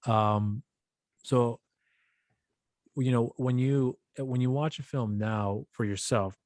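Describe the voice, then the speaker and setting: A man's voice: mid-range voice, slow, a little mellow, no room sound, clean studio sound. A man hosting a casual interview podcast, asking long rambling questions with restarts. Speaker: podcast host.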